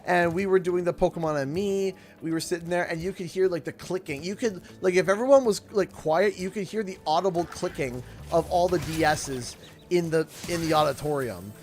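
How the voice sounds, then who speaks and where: A man's voice: sits high, brisk. A man with a Canadian accent, chatting casually while streaming a game, telling rambling stories with frequent laughter and restarts. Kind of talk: casual chat while gaming.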